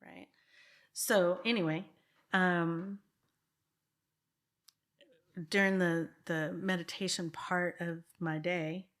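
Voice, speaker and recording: Speaking slowly and steadily in a lowish voice, a woman in her fifties who works as a real estate broker is interviewed as a guest. She reflects earnestly, frequently starting over and letting out soft laughs along the way.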